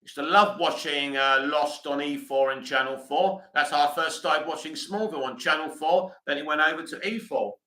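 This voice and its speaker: A man's voice: on the high side, moderate pace, hardly any pauses, sharp tone, roomy sound, poor audio. A British man hosting a live stream, reading comments aloud and answering them bluntly in casual chat.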